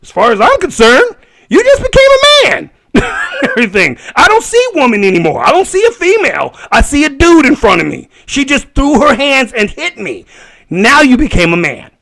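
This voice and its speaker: Animated, high-voiced podcast man. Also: normal speed, creaky. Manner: animated and laughing, acts out voices. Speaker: podcast host. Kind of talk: solo podcast rant.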